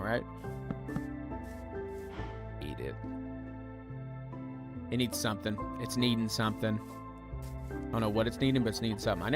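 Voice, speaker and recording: A man casually thinking aloud while playing a building game live, poking fun at himself and chatting to his viewers. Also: fairly low pitch. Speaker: streamer. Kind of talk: casual live gameplay commentary. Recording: music playing behind the voice.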